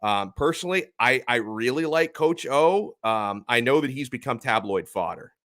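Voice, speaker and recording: A man's voice: mid-range voice, lively intonation, moderate pace, fairly bright tone, dry recording. A man hosting a live sports talk stream, speaking emphatically and reading out chat comments as he goes.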